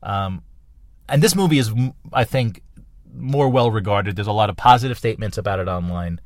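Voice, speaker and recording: Recorded at studio quality with no echo, a middle-aged New Jersey podcaster talks by himself at a normal speed in a lowish voice. His casual monologue wanders enthusiastically, and he keeps backing up to correct himself.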